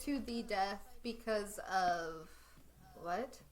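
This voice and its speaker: A woman's voice: medium pitch, drawn-out words, slight background noise. A woman with a Midwestern accent co-hosting a casual podcast, trading teasing, sarcastic quips. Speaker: podcast co-host. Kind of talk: casual book-club chat.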